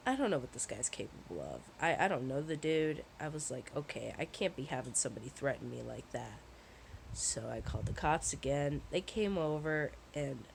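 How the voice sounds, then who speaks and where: A woman's voice: rumbling low, creaky, slight background noise, poor audio. A woman vlogger telling a personal story in a casual, rambling way, swearing often and sounding shaken. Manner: profane, candid, rambling with restarts.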